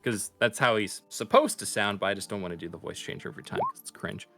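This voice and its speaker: A man acting as game master of a streamed tabletop game, talking in a relaxed, explanatory way. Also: fairly low pitch, fast talker, creaky, soft background music. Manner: relaxed, explanatory, laughs easily.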